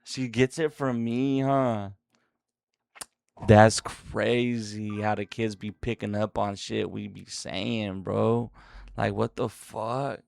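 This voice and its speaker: A man hosting a casual livestream, talking loud with slangy, joking banter into a desk microphone. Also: on the low side, little pitch movement, takes it slowly, gravelly. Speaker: livestream host. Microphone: desk microphone being adjusted.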